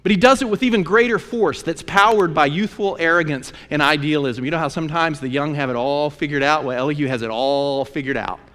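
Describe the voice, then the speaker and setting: A man's voice: fairly high pitch, a little fast, hardly any pauses, a bit bright. A man teaching a sermon on a Bible book, emphatic and conversational, repeating phrases for effect as he retells the story. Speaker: preacher. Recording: long reverb of a large hall.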